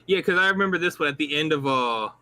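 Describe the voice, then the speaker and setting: A man chatting casually with a friend on a stream, telling stories in a dry, deadpan way. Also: on the high side, quick pace, no room sound. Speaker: streamer co-host.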